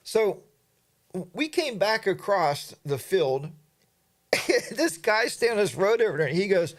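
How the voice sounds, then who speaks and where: A middle-aged man hosts a livestream, telling a rambling story full of fillers and asides while reading out chat comments. His voice sits high with big pitch swings, and he speaks a little slowly with long pauses.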